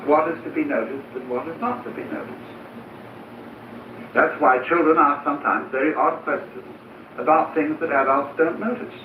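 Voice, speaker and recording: A man's voice: fairly high pitch, fairly even intonation, normal speed, slight background noise. Thoughtful man telling an anecdote, tinny line. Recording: tinny, echoey phone audio from far off.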